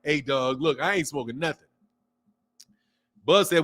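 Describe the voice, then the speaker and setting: A man in his fifties chats on a live boxing stream, thanking viewers and riffing in loose slang. His voice sits a little high for a man, and he laughs often as he talks. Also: measured pace, fairly bright tone. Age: 50s. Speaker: boxing channel host. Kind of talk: casual live-stream chat.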